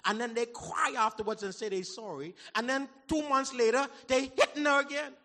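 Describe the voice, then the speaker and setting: A man preaching a sermon in a church hall, folksy and animated, swinging from shouts to low asides. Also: moderate pace. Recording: long hall reverb.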